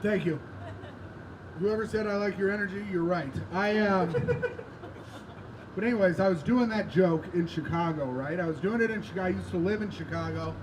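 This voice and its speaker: A man with a high voice does stand-up on an outdoor rooftop, spinning rambling, self-mocking stories and bantering with the crowd. He swears freely. Steady outdoor noise sits clearly under his voice. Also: moderate pace. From Indiana. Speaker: stand-up comedian. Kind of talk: stand-up set.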